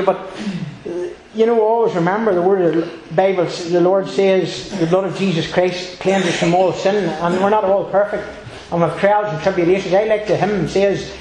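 A man's voice: sits high, a little mellow. A man giving an earnest, rambling personal testimony at a church meeting, circling back to the same phrases. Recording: very echoey room.

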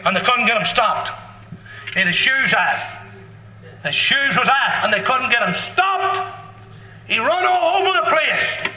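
A man preaching a sermon in a fervent, blunt and folksy way, bursting into shouts. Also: very high-pitched, lively intonation, measured pace, pauses often, a little hiss or hum. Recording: echoey hall, distant mic.

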